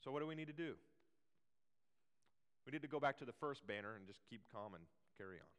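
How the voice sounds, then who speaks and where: A man's voice: medium pitch, expressive, quick pace, a bit bright, smooth. Casual preacher man in a reverberant hall. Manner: casual, chatty with many fillers and restarts. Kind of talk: sermon.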